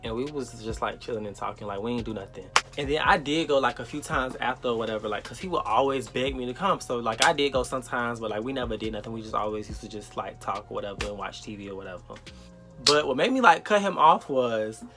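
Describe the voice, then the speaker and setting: A young man from South Florida telling an animated, profane storytime with slang, as a vlogger. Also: medium pitch, quick pace, over music. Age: young adult. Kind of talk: storytime vlog.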